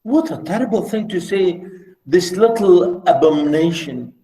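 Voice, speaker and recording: A man's voice: high-pitched, lively intonation, normal speed, warm tone, echoey room, rough recording. A man teaching literature, explaining a novel to his class with theatrical readings. He swings from mutters to exclamations. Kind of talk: class lecture with dramatic readings.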